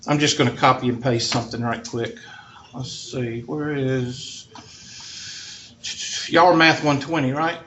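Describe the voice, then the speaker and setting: A man's voice: medium pitch, steady tone, unhurried, long pauses. A man teaching a math class, joking and sarcastic as he lectures. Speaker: math instructor. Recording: dull lo-fi classroom recording with faint noise.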